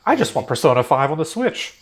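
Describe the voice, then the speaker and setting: A man's voice: fairly high pitch, very animated, a little fast, a loud crowd. A young man on a casual gaming podcast, enthusiastic and repeating his emphasis words. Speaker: podcast co-host. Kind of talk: casual chat.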